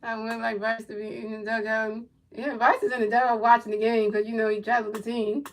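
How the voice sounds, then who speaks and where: A woman streamer giving casual, repetitive pitch-by-pitch baseball commentary that breaks into frustrated rants. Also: level tone, brisk, rough recording. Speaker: livestream commentator.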